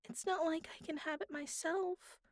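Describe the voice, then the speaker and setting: A woman's voice: very high voice, fairly even intonation, normal speed, no echo, clean studio sound. A woman playing a pouty, clingy captive girl. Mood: bratty, pouty. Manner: pouty, then softly pleading. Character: bratty, clingy young woman held captive. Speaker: voice actor. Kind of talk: audio role-play.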